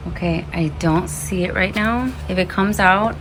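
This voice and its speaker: A woman talks casually to camera about her orchids in a rambling, chatty way, easily startled, at an ordinary mid pitch. She is recorded outdoors beside her backyard pergola, and steady outdoor noise is clearly heard behind her. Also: moderate pace. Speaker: orchid vlogger.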